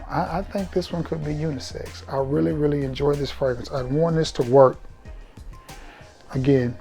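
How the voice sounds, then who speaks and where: A man's voice: medium pitch, darkish tone. A man from Alabama with a Southern American accent, reviewing fragrances in a chatty, joking, self-assured way. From Alabama, USA. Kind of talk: casual storytelling vlog.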